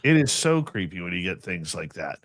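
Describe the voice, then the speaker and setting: A man hosting a radio show, telling anecdotes in a casual, animated way and relishing creepy experiences. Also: sits low, normal speed, no room sound.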